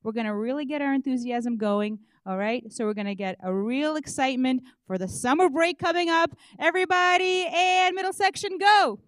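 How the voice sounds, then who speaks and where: A woman warming up an auditorium audience, joking and leading rounds of applause with loud, energetic calls. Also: on the high side, brisk, hardly any pauses, no room sound. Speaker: audience warm-up comedian. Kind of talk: stand-up warm-up, leading applause.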